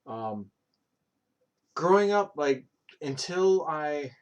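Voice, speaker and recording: A man's voice: a little high, lively intonation, extremely slow, smooth, lo-fi sound. A man in his thirties chatting casually on a stream, rambling and swearing freely, with many ums. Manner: rambling, filler-heavy, profane storytelling. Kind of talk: casual chat.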